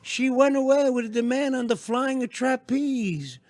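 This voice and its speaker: A man voicing a blunt older mother with a thick Italian accent and slow broken English. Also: high-pitched, darkish tone, no room sound, pitched above the performer's own voice. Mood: dismissive.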